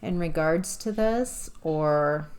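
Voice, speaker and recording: A woman giving an intuitive tarot reading to the viewer, musing and halting, with sudden exclamations of surprise. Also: deep voice, darkish tone. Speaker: tarot reader.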